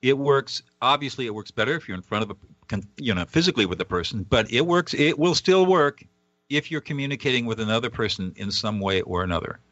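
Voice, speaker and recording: Earnest male author explaining calmly. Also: mid-range voice, fast talker, no echo, dull audio. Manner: earnest, acts out example dialogue. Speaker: guest author. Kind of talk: radio interview, explaining a method.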